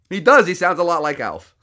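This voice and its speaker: A man's voice: fairly high pitch, bright, forceful tone. A man in his thirties chatting casually about his voice impressions, self-critical and laughing often. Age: 30s. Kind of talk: casual chat.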